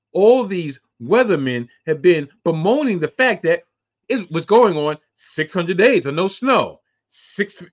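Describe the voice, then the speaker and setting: A man in his forties hosting a solo podcast, ranting with a lot of profanity. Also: sits high. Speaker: podcast host. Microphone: close to webcam. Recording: dull lo-fi sound.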